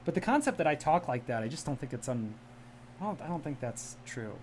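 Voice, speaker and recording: Brief: Midwestern male streamer, slightly high voice, crisp proper diction, faint room hiss. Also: sing-song, brisk. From American Midwest. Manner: chatty, enunciates carefully, well-spoken media voice. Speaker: livestream host. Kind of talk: casual livestream chat. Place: home room with a cat.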